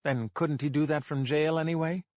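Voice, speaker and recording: A man voicing a tired, impatient female judge who speaks briskly and firmly. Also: a little high, fairly even intonation, darkish tone, dry recording, clean studio sound, pitched above the performer's own voice, natural voice. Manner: brisk, firm, no-nonsense.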